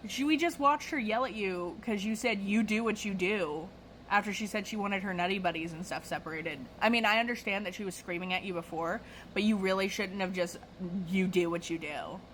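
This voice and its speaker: A woman voicing a woman shopper who quickly lectures the cashier about being rude. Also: mid-range voice, fairly bright tone, slight background noise, lightly acted, low-quality recording. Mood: scolding. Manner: quick, lecturing, mildly scolding. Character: reproachful woman shopper next in line.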